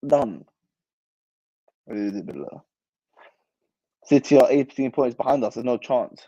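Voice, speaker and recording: A man's voice: medium pitch, sing-song, normal speed, warm tone, no room sound, highs cut off. A young man hosting a football channel, chatting casually and reacting animatedly to live comments in slang. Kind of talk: casual livestream chat.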